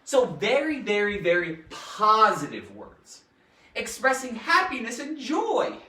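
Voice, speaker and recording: Woman grammar teacher, giggly and jokey, wildly swooping pitch, slow unhurried delivery. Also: huge pitch swings, bright, forceful tone, far from the mic. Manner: giggly, jokey, addresses viewers directly. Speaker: grammar teacher and show host. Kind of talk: playful live-stream grammar lesson. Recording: echoey room, voice off-mic.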